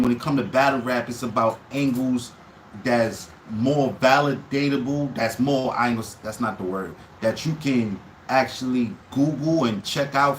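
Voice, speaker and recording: A man breaking down a battle rap on a casual live stream, quoting lines in a raised, animated voice and talking in loose slang. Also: medium pitch, a little hiss or hum.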